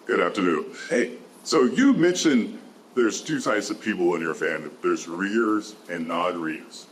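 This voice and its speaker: A man's voice: sits low, lively intonation, moderate pace, slight background noise, low-quality recording. A man in the audience at a bookstore event politely asking the author a question.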